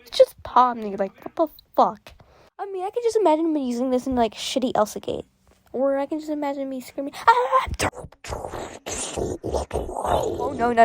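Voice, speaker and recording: A woman's voice: fairly high pitch, a little mellow. A young woman vlogger giving rambling, sarcastic commentary, full of fillers and restarts. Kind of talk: casual commentary.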